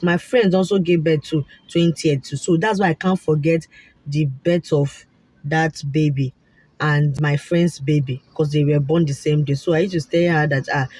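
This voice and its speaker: A woman with a Nigerian accent casually telling a personal story, animated and repetitive, slipping into Pidgin asides. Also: low-pitched, husky. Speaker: vlogger sharing a fertility story.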